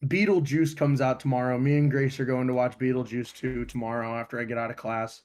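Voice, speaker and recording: A young man from Ohio swaps stories on a podcast in relaxed, casual chat. He swears freely and tells his stories with lots of energy. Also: medium pitch, fairly quick. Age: young adult. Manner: profane, animated storytelling. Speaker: podcast co-host.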